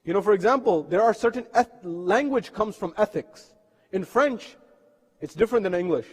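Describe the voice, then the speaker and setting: Earnest high-voiced male preacher in a mosque. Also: expressive, normal speed, slightly rough. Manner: earnest storytelling with rhetorical questions. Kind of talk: sermon. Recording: long reverb of a mosque hall.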